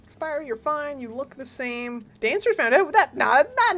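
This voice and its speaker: A woman's voice: sits high, animated, normal speed, gravelly, fairly bright tone. A woman streaming a game, chatting playfully with her viewers and giggling often. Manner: giggly, playful, talks to chat. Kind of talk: casual gaming stream chat. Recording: faint game music behind.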